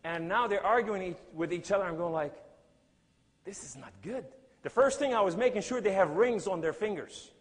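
A man's voice: sits high, fairly quick, hardly any pauses, long reverb tail. A man giving a sermon-style testimony, telling his story dramatically and acting out the scenes.

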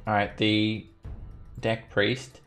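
Deep, gravelly man running a tabletop game. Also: monotone, slow pace, a bit bright, faint music behind. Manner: patient, explains rules and narrates actions. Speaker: game master. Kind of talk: narrating a tabletop game over a live stream.

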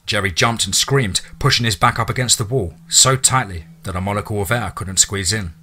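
A man reads a scripted horror story aloud with a steady storytelling delivery. His voice is bright and forceful, sitting a little low in pitch. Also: fairly quick. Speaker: narrator.

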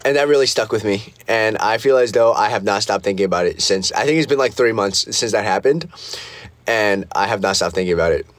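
A man's voice: lowish voice, lively intonation, brisk, dry recording. A man hosting a casual livestream, reading comments aloud and rambling with many fillers, from a small foam-lined practice room. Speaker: livestream host. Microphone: phone livestream.

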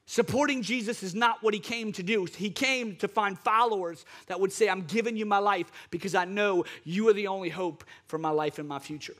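A man with a high voice preaches a sermon, driving his points home through repeated phrases. His delivery is fervent and keyed up, climbing in intensity as he presses on. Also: brisk, few pauses, a bit bright. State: excited, wound up. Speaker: pastor.

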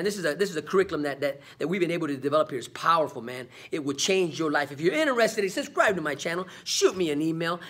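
Vlog host, man, high husky voice, preachy motivational delivery, peppers lines with "man". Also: sharp tone. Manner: preachy, repeats "man" and "come on"; call-and-response questions. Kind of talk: motivational talk to camera.

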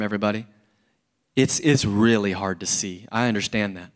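A man's voice: lowish voice, normal speed. A middle-aged man preaching a sermon in church, conversational and earnest, often repeating words and rising into emphasis. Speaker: pastor.

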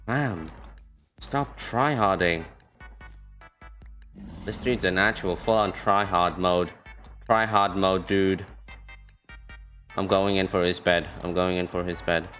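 A young man streaming a video game, chattering on with low-pitched, unhurried commentary. He gets excitable and trash-talks, repeating phrases, while faint music plays behind him.

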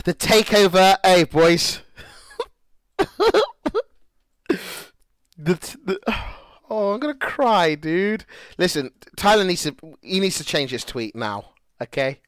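A young man livestreaming, excitable and swearing as he talks to his chat. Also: high-pitched, measured pace, clear, resonant tone, no echo, studio quality. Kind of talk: casual livestream chat to viewers.

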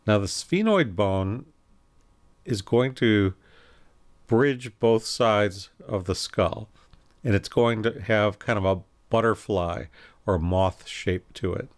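A man giving a recorded anatomy lecture, calmly explaining and pointing through slides with occasional self-corrections. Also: lowish voice, slow. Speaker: anatomy instructor.

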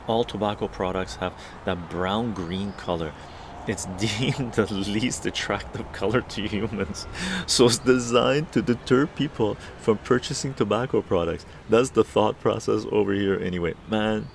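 A man with a low, gravelly voice chats easily with his live stream audience, wandering from point to point and checking in with a constant "right?". He is recorded outdoors, with faint background noise behind him. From Canada. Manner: rambling, tag questions like "right?". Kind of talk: casual chat. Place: outdoor patio garden.

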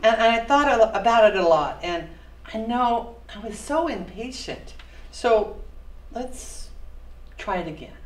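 A woman playing a friend who tutors French, slowly drilling syllables and losing patience. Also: on the high side, expressive, a little hiss or hum. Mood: exasperated. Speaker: actor in a student film. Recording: echoey room from far off.

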